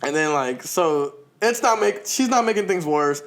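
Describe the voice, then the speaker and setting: A man's voice: fairly high pitch, expressive, normal speed, a bit bright. A man co-hosting a podcast, telling a long story in casual chat, laughing often and swearing freely. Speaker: podcast co-host.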